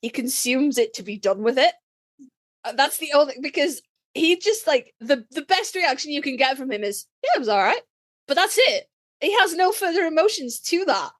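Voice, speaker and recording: A woman's voice: sits high, lively intonation, moderate pace. A woman co-hosting a podcast, talking casually, emphatic and swearing freely. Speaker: podcast co-host. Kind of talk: casual chat.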